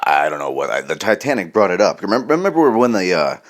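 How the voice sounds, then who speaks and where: A middle-aged male comedian delivering a meandering, deadpan comic monologue, breaking now and then into loud mock line readings. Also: low-pitched, quick pace. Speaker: comedian, podcast host.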